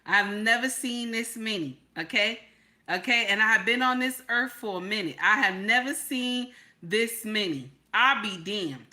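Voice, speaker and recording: A woman's voice: medium pitch, moderate pace, pushed and bright. A woman giving casual reaction commentary, repeating herself with rhetorical questions and exclamations. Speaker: commentary vlogger.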